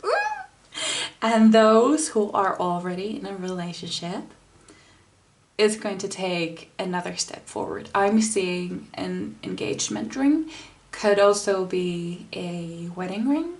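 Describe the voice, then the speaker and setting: A young woman giving a gentle, giggly tarot reading to camera, with lots of fillers and small laughs. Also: mid-range voice, slow pace. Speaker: tarot reader.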